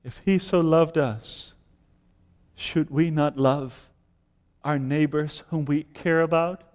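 A male preacher delivers a fervent sermon, his voice sitting high for a man. He swells into loud, emphatic appeals and then drops back to calm teaching. The sound carries a long reverb, as in a large hall. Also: takes it slowly.

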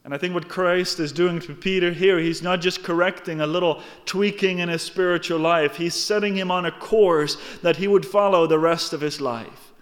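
A man's voice: sits high, fairly even intonation, moderate pace, few pauses. Earnest male preacher in a reverberant hall. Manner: emphatic, earnest, addresses congregation directly. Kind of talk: sermon.

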